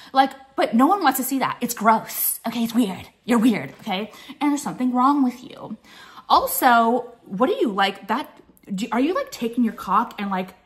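A woman's voice: fairly high pitch, a bit bright. A young woman ranting to camera in a swearing, contemptuous tone, hammering points with repeated "okay?" and "like". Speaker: vlogger. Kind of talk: profane ranting monologue.

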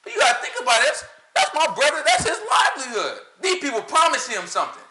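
A man's voice: extremely high pitch, wildly swooping pitch, quick pace, noisy background. A man with a country Southern American accent giving an informal Sabbath Bible lesson, firing rhetorical questions and often laughing. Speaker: Bible study teacher. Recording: echoey room.

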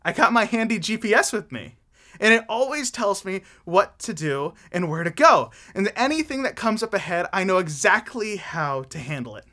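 A man voicing a calm, confident female truck in a kids' church story, speaking reassuringly. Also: high voice, normal speed, exaggerated voice.

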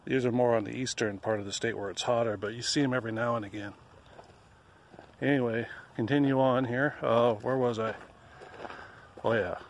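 A man's voice: mid-range voice, steady tone, a little hiss or hum. A man chatting while walking outdoors in a wooded park, rambling and self-deprecating, a bit out of breath. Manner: self-deprecating, rambling, sings folk song slowly. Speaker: vlogger. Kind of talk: casual walking vlog with singing. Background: faint outdoor ambience.

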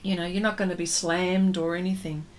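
A woman's voice: fairly low pitch, little pitch movement. A woman artist hosting a livestream, chatting casually with viewers while she paints and answering their comments. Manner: talks slowly while working, trails off into fillers.

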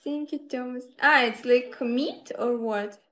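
Young woman, live-stream chat, slightly high voice, slow, simple broken English. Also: a bit bright.

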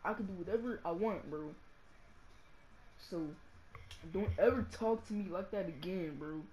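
A male gaming channel host giving casual gameplay commentary and ranting, saying "bro" and "y'all" constantly and swinging from mumbles to shouts. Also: sits high, normal speed, muffled recording, a little hiss or hum. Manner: slangy, fills nearly every phrase with "bro" and "y'all".

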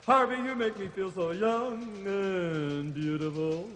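Shrill cackling witch, self-admiring, lively swoops, roomy echo. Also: moderate pace, faint music behind. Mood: vain cackling. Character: vain witch hostess Griselda, female, cackling.

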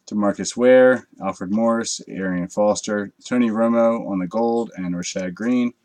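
A man's voice: lowish voice, a little slow, darkish tone, dry recording. Casual, swearing man hosting a card break. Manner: casual, swearing, chatting to viewers. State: tired from a long night. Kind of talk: live card break commentary.

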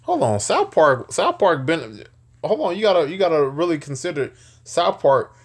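Man, 30s, podcast host type, rambling animated storyteller who laughs a lot and swears freely. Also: fairly high pitch, normal speed, husky. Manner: animated, laughing, profane, repeats words when excited. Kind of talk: casual storytelling.

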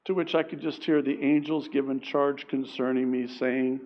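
A male pastor preaching a sermon in an animated, self-deprecating way, laughing often and acting out the people in his stories. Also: mid-range voice, brisk, muffled recording.

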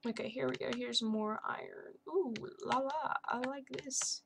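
A woman's voice: sits high, measured pace, vocal fry, slight background noise. A young woman casually commenting over her Minecraft gameplay, chatty and sarcastic with self-mocking asides. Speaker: gaming channel host. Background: keyboard and mouse clicks.

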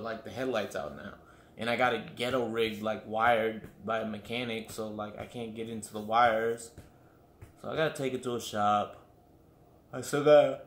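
A man's voice: fairly low pitch, fairly bright tone. A man hosting a casual solo podcast. He rambles and swears freely, filling his talk with "like" and "you know.". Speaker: podcast host. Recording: echoey room with faint background noise.

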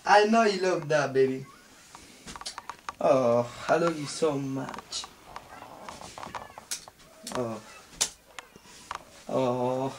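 A man playing a hot-tempered, swearing young man. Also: a little high. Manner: yelling and swearing, then crooning on the phone. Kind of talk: amateur comedy short film acting. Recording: distant mic with faint noise.

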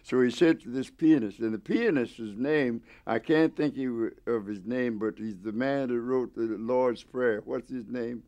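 A man's voice: mid-range voice, unhurried, few pauses, warm tone. A man in his nineties being interviewed at home, telling old stories with lots of restarts and chuckles. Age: 90s. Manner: rambling, with many restarts and chuckles. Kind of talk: storytelling reminiscence.

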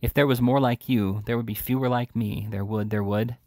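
A man's voice: medium pitch, steady tone, fairly quick, darkish tone, no echo, studio quality, natural voice. A man voicing a desperate, ashamed young woman thief, pleading and urgent.

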